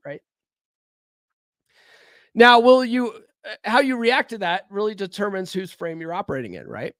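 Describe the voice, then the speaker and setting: His voice sits high and is a bit bright, with lively intonation, normal speed and long pauses. Recorded cleanly in a studio with no room sound, he hosts a solo podcast about dating and self-improvement in a casual, blunt, profane manner, constantly saying "right?" and challenging listeners directly with rhetorical questions.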